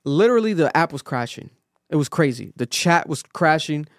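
A male podcast host in casual chat, telling a story with lively acted-out quotes and plenty of swearing. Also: a little high, normal speed, no echo, clean studio sound. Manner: animated storytelling, acts out quotes, swears freely.

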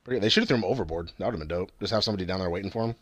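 A man's voice: low voice, rapid-fire, fairly bright tone, no room sound. A young man chatting casually about wrestling, slangy and profane, often laughing. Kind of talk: casual wrestling chat podcast.

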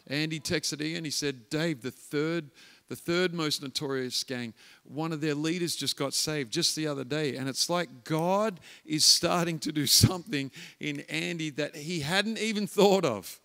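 A man's voice: mid-range voice, unhurried, gravelly, fairly bright tone. A man preaching a guest sermon, telling a story and acting out the voices of its characters. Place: church hall. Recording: church hall reverb.

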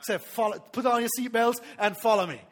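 Man, pastor, sermon, very high-pitched, animated, laughing, calls out to the congregation. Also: brisk, big-room sound. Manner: animated preaching with laughter and call-and-response.

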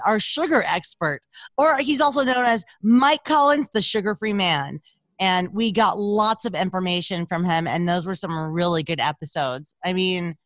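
A woman's voice: medium pitch, fairly bright tone, no room sound. A woman hosting a recovery podcast from home, talking candidly and chattily, self-deprecating and swearing freely. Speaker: podcast host. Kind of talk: casual recovery podcast chat. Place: at home, recording remotely. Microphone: broadcaster board mic.

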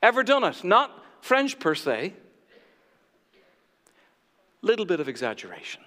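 High-voiced joking male pastor. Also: huge pitch swings, a little slow, sharp tone, long reverb tail. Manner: jokey, self-mocking storyteller. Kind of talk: sermon. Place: church sanctuary.

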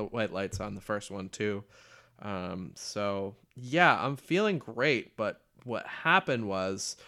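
Male podcast host, animated storyteller who swears freely, casual delivery. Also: medium pitch.

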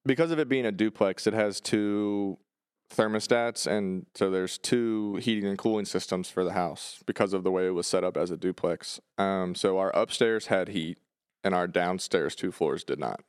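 A man's voice: deep voice, moderate pace, smooth, no room sound, clean studio sound. A man co-hosting a podcast, chatting casually in a joking, self-deprecating way. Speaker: podcast co-host.

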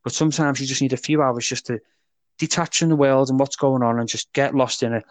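A young man hosts a casual podcast chat, rambling warmly through restarts and laughs. His voice sits at a middle pitch. The sound is dry and close, with no room echo. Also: fairly even intonation, brisk. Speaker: podcast co-host.

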